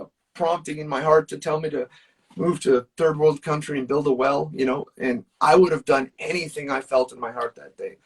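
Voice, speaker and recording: A man's voice: on the high side, brisk, slightly rough, distant mic. A man, a musician guest, telling personal stories in casual chat, earnest and emphatic, with plenty of fillers. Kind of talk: casual storytelling.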